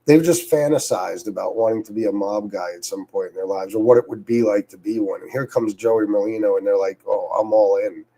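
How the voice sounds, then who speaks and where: A man's voice: lowish voice, a little fast, creaky, hardly any pauses, rough recording. A middle-aged man hosting a livestream, ranting in casual, profane commentary full of repeats and asides. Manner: profane, repetitive, animated storytelling. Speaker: livestream host.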